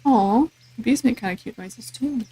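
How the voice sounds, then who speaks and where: A woman casually commentating her survival game playthrough, chatting to the creatures on screen and breaking into excited yelps. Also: fairly high pitch, a little slow, husky, low-quality recording. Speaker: gameplay streamer. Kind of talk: casual let's-play commentary.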